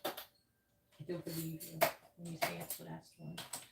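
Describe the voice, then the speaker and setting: Woman from New York, rambling livestream chatter, laughs a lot, lowish voice, echoey room. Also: monotone, unhurried, gravelly, heavy background noise. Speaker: tarot reader hosting a livestream. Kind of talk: casual livestream chat. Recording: roomy sound, distant from the mic.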